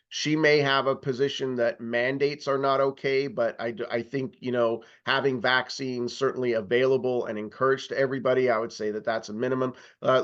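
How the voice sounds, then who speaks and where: A man of middle pitch answering a question on a video call. He hesitates and restarts often. The sound of the call is dull and lo-fi. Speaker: city council candidate.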